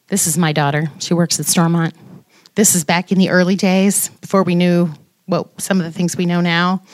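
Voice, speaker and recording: A woman's voice: lowish voice, no room sound, studio quality. Chatty woman giving a devotional talk. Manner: chatty, self-deprecating, playful asides. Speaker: women's Bible study speaker.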